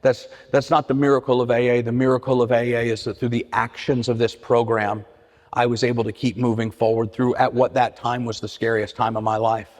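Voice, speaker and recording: A man's voice: medium pitch, level tone, brisk. A middle-aged man telling his recovery story at a meeting, earnest, with frequent restarts and repeated words. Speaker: AA meeting speaker. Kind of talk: personal recovery talk. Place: church meeting hall. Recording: hall reverb.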